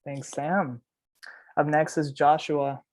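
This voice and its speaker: A game host introducing contestants one by one in a steady announcing manner. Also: medium pitch, slow pace.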